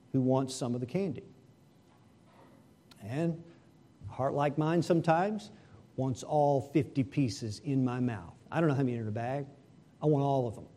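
A man preaching a sermon, animated and asking the congregation rhetorical questions. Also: medium pitch. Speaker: pastor.

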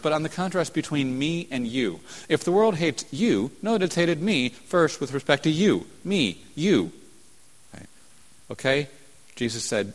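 A male preacher delivering a sermon. He explains carefully and leans on repeated words for stress. His voice carries a long reverb from a large hall. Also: mid-range voice.

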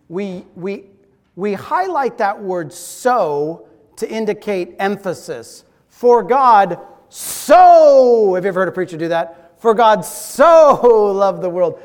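Male pastor, high voice, slow deliberate sermon delivery in a reverberant church hall. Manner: earnest, varies loudness and drops low for emphasis. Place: church sanctuary.

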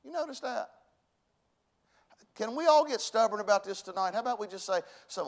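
Folksy pastor with a slightly high voice. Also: male voice, lively intonation, fast talker. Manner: folksy preacher, swings from hushed to loud bursts. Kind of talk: sermon. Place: church sanctuary.

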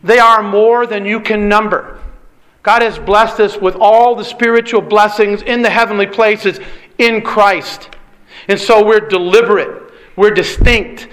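A male pastor delivering a sermon in a high, ringing voice with a forceful edge. He hammers his points by repeating single words and keeps turning to his listeners with rhetorical questions. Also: steady tone, measured pace, rough recording. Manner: emphatic, repeats key words and asks the congregation rhetorical questions.

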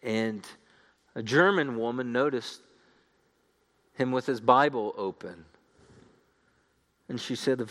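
A man's voice: mid-range voice, slow pace, pauses often, a bit bright. A man preaching a sermon, earnest and building to fervent appeals to his listeners.

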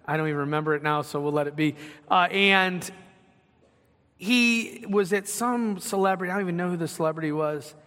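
A man's voice: high voice, bright, forceful tone. A man preaching a sermon in an emphatic way, asking rhetorical questions. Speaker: pastor. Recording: long hall reverb.

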